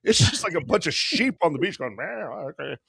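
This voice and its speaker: A man in his fifties, co-hosting a podcast and telling a long story casually, profane and quick to act out other people. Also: sits high, slightly rough, dry recording, clean studio sound. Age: 50s. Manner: profane, animated storyteller doing quick voices. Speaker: podcast co-host.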